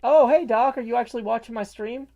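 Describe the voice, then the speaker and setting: A man's voice: very high-pitched, fast, vocal fry, mellow, slight background noise. Muffled, rambling man streaming. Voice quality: muffled by a mask. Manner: rambling, playful, jokey asides. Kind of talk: casual livestream chat while gaming. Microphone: mask worn over the face.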